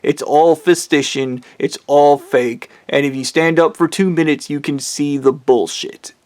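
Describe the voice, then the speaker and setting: A man's voice: a little high, fairly even intonation, unhurried, a little mellow, no echo. A man ranting angrily and bitterly, swearing heavily as he tells a personal story. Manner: angry, bitter, heavy swearing. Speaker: vlogger. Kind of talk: profane personal rant.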